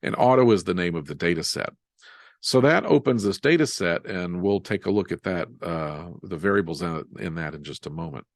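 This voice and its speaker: A man teaching a live software webinar, explaining each step as he types and joking about his own typos. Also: low voice, fairly quick, no room sound, clean studio sound. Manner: relaxed, self-deprecating, walks through steps while typing. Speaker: software instructor.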